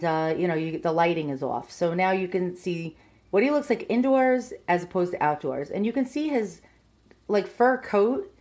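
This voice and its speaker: A woman with a New York accent talks in a casual, rambling way, full of "like" and "um". Her voice sits a little low. She films herself on a handheld phone, first outdoors and then at home. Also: a little mellow. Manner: chatty, hesitant, many fillers. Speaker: collector showing a teddy bear. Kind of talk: casual show-and-tell vlog.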